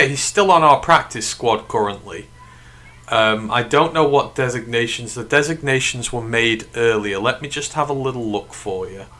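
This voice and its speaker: A man hosting a live sports watch-along stream. His voice has a forceful, bright edge at a middling pitch. He reacts excitably and flares into outrage at the play, then reads and answers viewer messages in the same animated way. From United Kingdom. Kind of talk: live watch-along commentary and chat reading.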